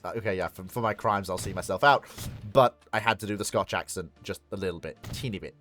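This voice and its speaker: A man's voice: lowish voice, fast talker, fairly bright tone, faint music behind. A man casually commenting while he plays a strategy game on a live stream, rambling and talking to himself and to the game. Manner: rambling, talks to himself and the game, self-mocking.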